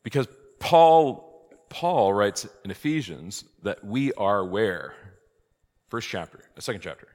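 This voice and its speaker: Low-voiced male priest teaching a class, lively and questioning, in a reverberant hall. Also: takes it slowly. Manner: lively, rhetorical questions, emphatic outbursts. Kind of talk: conversational church class teaching. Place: church hall.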